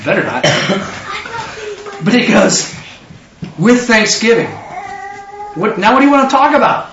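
A high-pitched man with a bright, ringing tone delivers an animated sermon. He calls questions out to the congregation and acts out quotes. The sound is dull, echoey and distant, as if recorded from the back of a hall. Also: a little slow, a little hiss or hum. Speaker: preacher.

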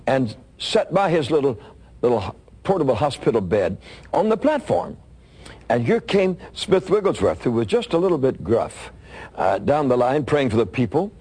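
Husky man telling a lively sermon story. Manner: animated storytelling, voice climbing high for quoted lines. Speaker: preacher.

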